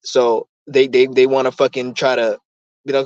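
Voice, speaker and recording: A man's voice: mid-range voice, level tone, normal speed, a little mellow, no echo, dull audio. A young man hosting his own channel, ranting in a heated, profane, rambling way. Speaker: channel host. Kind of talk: casual rant on a live stream.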